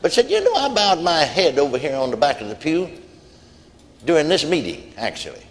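A man's voice: fairly high pitch, wildly swooping pitch, brisk, in a large hall. A man preaching a sermon, telling folksy stories with quoted voices and chuckles. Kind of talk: sermon storytelling.

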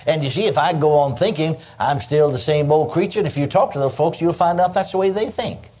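An older man preaches in a homey, animated style, sprinkling praise asides through his points. His voice sits fairly high for a man, with a warm, mellow tone. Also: a little fast. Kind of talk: sermon.

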